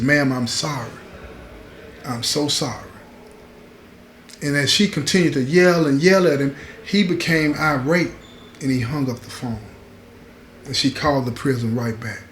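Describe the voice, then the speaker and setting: A man with a fairly high voice tells a story in a slow, dramatic way, pausing for effect and speaking straight to his listeners. His voice rings in an echoey room. A faint hum of ambient noise sits behind him. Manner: slow, dramatic pauses, addresses listeners as y'all. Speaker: storyteller host. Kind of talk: storytelling to an online audience.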